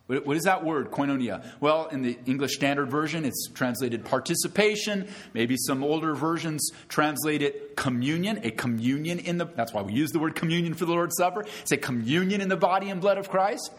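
A man's voice: a little high, a little fast, few pauses. A man preaching a sermon to his congregation, emphatic, calling them friends and asking rhetorical questions, with rising bursts on key words. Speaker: pastor.

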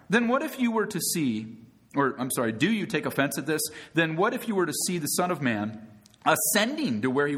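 This male pastor speaks at a fairly high pitch with a slightly bright tone. Addressing his congregation as friends, he delivers an emphatic sermon full of rhetorical questions, his voice surging upward on important words.

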